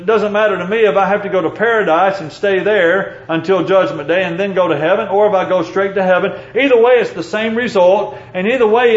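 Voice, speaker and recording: A man preaching a sermon, earnest and unhurried, quoting scripture and pausing with fillers. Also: high voice. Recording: echoey, dull room sound.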